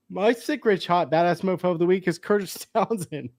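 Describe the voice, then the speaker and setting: A man's voice: high-pitched, expressive, moderate pace, slight background noise. A man co-hosting a casual sports podcast, rambling through bits and breaking into giggles as he talks. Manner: giggly, rambling, breaks into laughter while reading. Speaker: podcast co-host.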